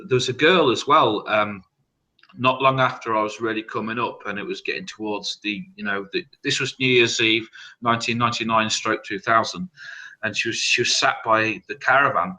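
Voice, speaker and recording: Rambling man, bright voice. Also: fairly low pitch, rough recording. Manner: rambling, halting, swears freely. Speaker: hangout participant. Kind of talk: casual storytelling.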